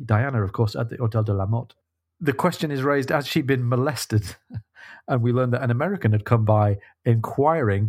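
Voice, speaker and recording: A man co-hosting a casual book discussion podcast, reading passages aloud with feeling between halting restarts. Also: medium pitch, a little mellow. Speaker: podcast co-host.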